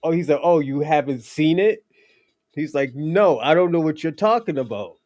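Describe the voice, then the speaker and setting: A man's voice: on the high side, lively intonation, normal speed, a little mellow. A young man rambling casually about his film, laughing often, stumbling over his words and swearing. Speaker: filmmaker talking about his movie.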